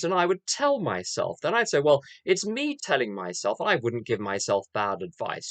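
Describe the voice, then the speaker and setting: A man's voice: medium pitch, wildly swooping pitch, moderate pace, hardly any pauses, a bit bright, no room sound. An older man giving a candid, self-mocking recovery talk, telling his story with rhythmic repeated phrases. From England. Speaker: AA speaker. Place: meeting room.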